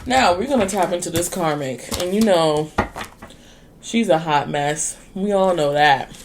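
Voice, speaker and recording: Against some background noise, a woman with a lowish voice gives a laid-back tarot reading. She's frank and cheeky, full of slang and swear words, laughs frequently and speaks in a drawn-out way.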